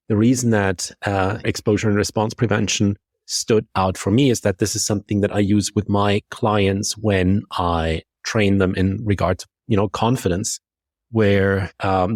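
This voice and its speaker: Deep-voiced German-accented man, dry sound. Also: dry recording. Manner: lively storytelling, acts out quoted thoughts. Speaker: confidence coach and podcast guest. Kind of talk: conversational podcast discussion.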